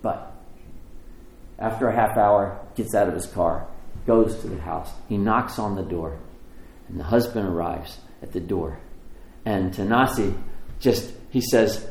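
Man, preacher, sermon storytelling, animated quotes, echoey room. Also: measured pace, creaky. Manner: animated storytelling, acting out quotes with rising pitch. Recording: echoey room with faint ambience.

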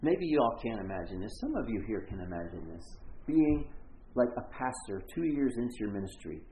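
A man preaching a conversational sermon as pastor, acting out the characters' lines in quick voices. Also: on the low side, very animated, warm tone, roomy sound, slight background noise, poor audio.

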